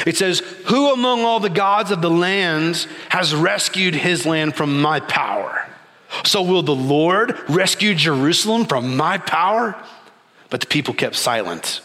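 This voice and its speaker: A man preaches in a big hall, and his voice sits a little high for a man. He rises and drops and slows right down on key words. A long reverb trails after each phrase. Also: pushed and bright. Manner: dramatic, rising and falling delivery, slows for emphasis. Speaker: pastor. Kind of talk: sermon.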